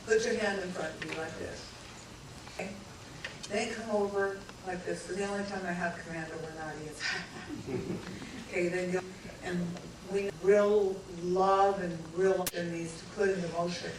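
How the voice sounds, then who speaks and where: A guest speaker with a lowish voice gives an inspirational talk to a live audience, slow and heartfelt with a teasing streak. She sounds distant from the microphone in a large, echoey hall, with a steady hum of room noise behind her.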